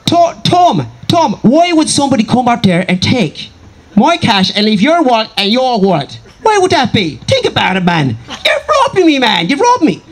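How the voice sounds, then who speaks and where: A man voicing an outraged young Irishman with an Irish accent, who swears and shouts accusations at his friend. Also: very high voice, big pitch swings, moderate pace, voice pushed up, heavily acted.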